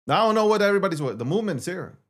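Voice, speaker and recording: A man's voice: high-pitched, lively intonation, rapid-fire, a bit bright. A man hosting a show, ranting to viewers on a livestream in a brash, profane, boastful way, repeating phrases and firing rhetorical questions. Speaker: show host.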